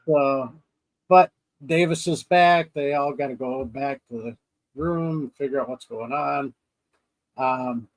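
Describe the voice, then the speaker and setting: A man's voice: mid-range voice, poor audio. A man co-hosting a podcast in casual chat, rambling through scenes, acting out his own reactions and laughing often. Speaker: podcast co-host.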